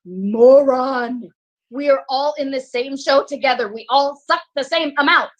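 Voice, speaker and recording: An actress playing a foul-mouthed, scornful young actress who sneers and throws profane insults in a scripted video-call comedy. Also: female voice, high-pitched, measured pace, low-quality recording.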